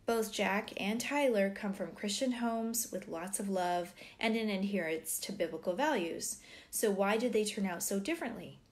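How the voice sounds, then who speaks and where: A middle-aged woman with a medium-pitched voice reads a parenting book aloud at normal speed. Now and then she breaks off for animated personal asides.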